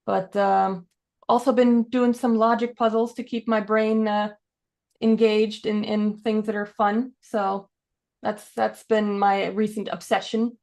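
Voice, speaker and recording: Female co-host, casual chat; easygoing, with a gravelly edge. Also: mid-range voice, level tone, measured pace, darkish tone.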